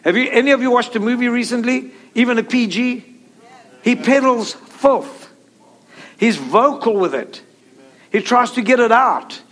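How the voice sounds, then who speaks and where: High-voiced emphatic male preacher. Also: unhurried, a bit bright. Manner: emphatic, repetitive preaching with call-and-response. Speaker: pastor. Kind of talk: sermon.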